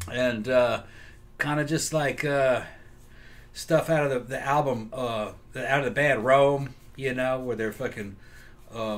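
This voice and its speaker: A man from the Southern United States with a Southern American accent, co-hosting a casual movie podcast in a loose, rambling way, swearing often. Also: medium pitch. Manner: loose, profanity-heavy, rambling. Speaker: podcast co-host.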